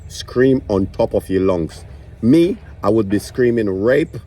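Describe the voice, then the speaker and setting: A man's voice: lowish voice, expressive, slow, mellow. A man telling a stand-up story about his grandma, swearing and ranting in exasperation. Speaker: comedian.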